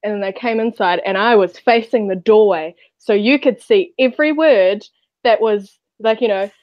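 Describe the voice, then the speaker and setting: A woman co-hosting a casual book chat, animated and exclaiming, laughing often. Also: mid-range voice, normal speed, no room sound, highs cut off. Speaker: co-host.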